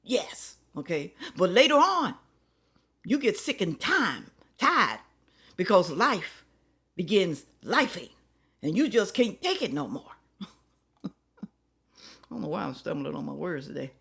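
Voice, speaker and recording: A woman's voice: on the low side, sing-song, unhurried, vocal fry, long pauses, a bit bright, slightly rough. A woman giving casual, opinionated commentary to her viewers, emphatic and preachy, hammering points home with repeated rhetorical questions. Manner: colloquial talk that drops into whispers for emphasis. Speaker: reaction video commentator.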